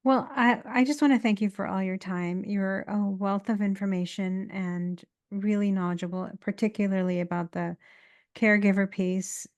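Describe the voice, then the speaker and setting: Woman co-host, mid-pitched, appreciative interviewer. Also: steady tone, moderate pace. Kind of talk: casual interview chat.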